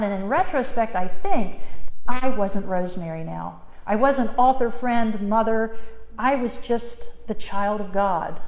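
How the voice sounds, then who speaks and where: A middle-aged woman telling an audience her near-death experience, animated, quoting her own thoughts and giggling at her own jokes. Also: on the high side. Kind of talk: personal talk to an audience. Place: talk in a hall. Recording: echoey hall with long reverb.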